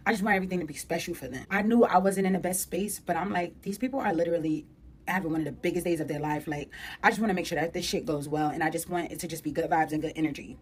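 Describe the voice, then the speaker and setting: A woman's voice: fairly low pitch, a little hiss or hum. A woman vlogger telling a personal story in casual, emotional slang. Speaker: commentary vlogger. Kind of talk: storytime vlog.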